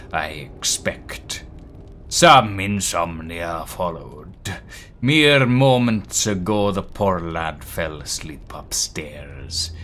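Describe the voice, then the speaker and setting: A man's voice: deep voice, bright, forceful tone, a little hiss or hum, exaggerated voice. A man voicing an elderly, guarded grandfather who heads his family, speaking in a formal, old-fashioned way with a put-on accent.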